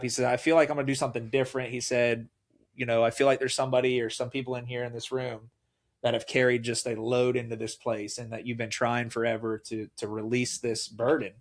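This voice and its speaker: A man in casual conversation, recounting a personal story with lively energy. He slips into quoted voices as he goes, keeping the talk loose and conversational. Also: mid-range voice. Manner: animated, acts out quoted voices. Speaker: podcast guest.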